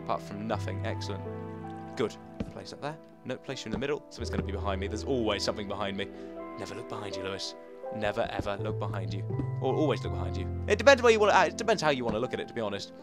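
A man's voice: animated, very fast. Chatty young man over game music. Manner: chatty, talks to animals, jumps to high-pitched shouts. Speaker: gaming channel host. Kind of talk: casual let's play commentary.

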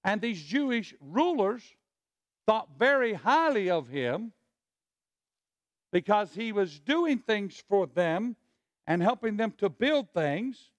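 A high-voiced man preaches to his congregation, calling out lines for them to repeat back. He swings between soft, hushed asides and raised scripture readings. The sound is dry and close, with little room echo. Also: sing-song, slow pace. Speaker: pastor. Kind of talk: call-and-response sermon. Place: church sanctuary.

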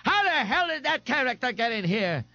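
A man's voice: very high-pitched, very animated, moderate pace, creaky, sharp tone, no room sound, voice pushed up, heavily acted. A man doing a brash hard-nosed barwoman. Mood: shrill. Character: brash scheming female bar owner. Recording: dull lo-fi tape.

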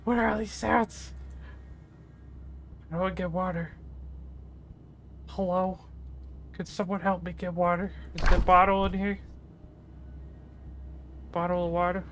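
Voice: mid-range voice, level tone, a little slow, long pauses, slight background noise. A gaming channel host talking through a horror game playthrough, chattering nervously and breaking into panicked yelps.

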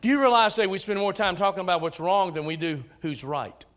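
A man's voice: high-pitched, expressive, fairly quick. A man preaching a sermon in a church with a Southern American accent, rousing and calling out to the congregation. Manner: rousing preacher, rising to shouts on key lines. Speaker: pastor. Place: church sanctuary.

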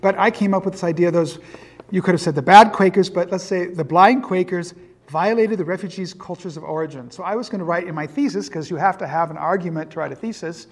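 A man's voice: high-pitched, fast. A man in his fifties from Iowa gives a public lecture as a guest speaker. He tells digressive personal anecdotes and pokes fun at his younger self. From Iowa, USA. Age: 50s. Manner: self-deprecating, digressive storyteller. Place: large hall in a synagogue. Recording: long hall reverb.

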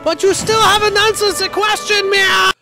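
A man's voice: very high voice, level tone, moderate pace, loud music behind the voice. A man voicing a puzzled male cat companion who tacks meow onto his lines. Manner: tacks on meow, Germanic titles.

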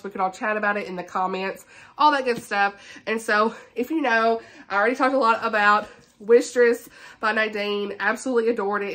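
A woman's voice: a little high, a bit bright. A woman, chatting enthusiastically about books to her viewers, laughing often. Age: 30s. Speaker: booktuber. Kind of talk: casual book chat to camera.

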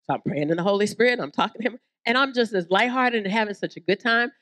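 A Southern American woman preaching a lively sermon at a women's conference, acting out little scenes and voices as she goes. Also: fast talker. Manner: animated, acts out voices, swoops in pitch. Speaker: guest preacher.

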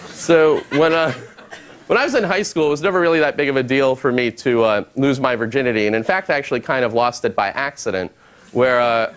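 A male stand-up comedian on a studio stage with a deadpan, halting delivery full of pauses. His somewhat high voice swings widely in pitch. A faint hiss sits under the recording. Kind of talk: stand-up set. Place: studio stage before an audience.

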